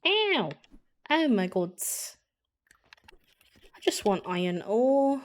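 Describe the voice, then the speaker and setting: A woman's voice: fairly high pitch, very animated, slow pace, pitched above the performer's own voice. A woman streamer doing a put-on British accent, playful and exclaiming while she plays a game. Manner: playful, exclaiming when hit.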